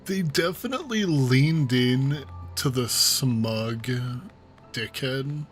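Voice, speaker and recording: A man's voice: medium pitch, expressive, slow, faint music behind. A man streaming a game, chatting casually and emotionally with lots of fillers. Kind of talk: casual gameplay commentary.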